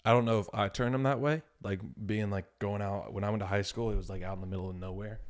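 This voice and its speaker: A man's voice: lowish voice, steady tone, fast. A young man with a Southern country accent, chatting easygoingly as a podcast guest. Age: young adult. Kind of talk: casual chat.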